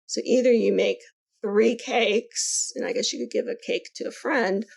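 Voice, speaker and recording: A middle-aged woman with a gravelly, creaky edge, chatting on a podcast. She rambles along in easy, everyday talk, trailing off and picking the thread back up. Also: a little high, steady tone, moderate pace, a little mellow. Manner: chatty, rambling, laughs easily. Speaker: co-host. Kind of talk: casual podcast chat.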